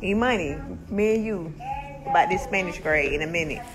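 A woman's voice: on the low side, normal speed, background noise. A woman filming her children at home, coaxing and teasing them in a playful, casual way. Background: music.

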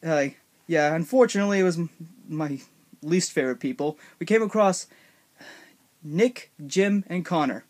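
A man's voice: a little high, normal speed, pauses often, a little mellow. A young man casually narrating a made-up story, rambling with many fillers and restarts.

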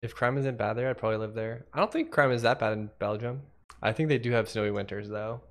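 A man's voice: fairly low pitch, fast talker. A man in his forties from the United States, thinking aloud and chatting with viewers while he codes a game on a livestream, hesitant and rambling. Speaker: livestream programmer. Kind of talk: casual livecoding chat.

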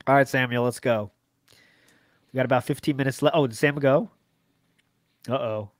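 A man's voice: mid-range voice, moderate pace, no room sound, clean studio sound. A man co-hosting a podcast in a rambling, casual chat, laughing often. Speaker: podcast co-host.

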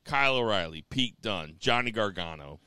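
A man with a smooth, fairly low voice hosts a casual podcast chat at normal speed, running the segments and giving a steady recap of matches with some fillers. The recording is dry.

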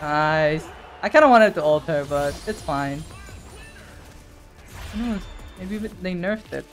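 A man giving casual live commentary while playing a video game, talking to his viewers and breaking into excited shouts. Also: fairly high pitch, slow pace, faint music behind. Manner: animated, bursts into excited shouts. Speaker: gaming streamer.

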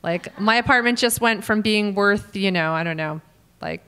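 An American woman working the crowd at a small live venue. She talks quickly and jokes at her own expense. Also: mid-range voice, pushed and bright, smooth. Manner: quick, joking, self-mocking. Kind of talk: live stand-up crowd work.

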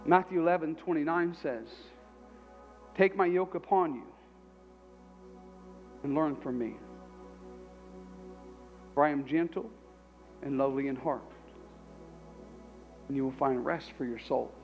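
A man's voice: on the high side, unhurried, pauses often, phone-quality sound, faint music behind. A man preaching a sermon as pastor, talking conversationally and animatedly and repeating his phrases.

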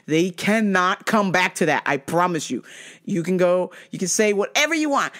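A woman's voice: lowish voice, fairly quick. Young woman rambling a crude funny story, lots of laughing, voice jumps all over. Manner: profane, laughing, animated storyteller. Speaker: show host. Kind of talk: casual storytelling.

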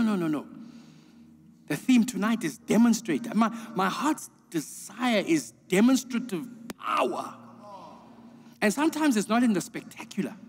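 A man preaching a sermon as pastor. He speaks emphatically, repeats words, and swings between hushed lines and urgent preaching. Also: on the high side. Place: church auditorium. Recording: long reverb of a large hall.

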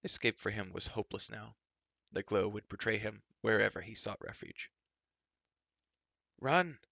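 A man's voice: lowish voice, flat delivery, a little fast, gravelly, pushed and bright, no room sound. A man reading a storybook aloud with dramatic narration. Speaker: storybook reader.

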